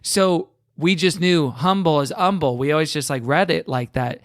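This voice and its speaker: A man's voice: fairly high pitch, normal speed, dry recording. A man in his thirties from the Houston suburbs, hosting a podcast and telling rambling stories that keep circling back on themselves. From Houston suburbs, Texas. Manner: rambling, self-correcting storyteller. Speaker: podcast host. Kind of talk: casual chat.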